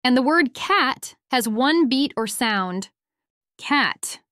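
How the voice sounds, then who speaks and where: A middle-aged woman, a first-grade teacher, gives a phonics lesson for young children and sounds out words slowly and clearly. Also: high-pitched, animated, a bit bright, dry recording, clean studio sound.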